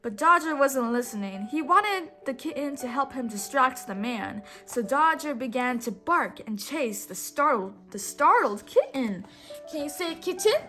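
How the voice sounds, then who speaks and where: A woman teacher reading a storybook aloud to children, slow and careful, pausing to correct herself and to ask the listener questions. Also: high-pitched, lively intonation, bright, forceful tone, soft background music.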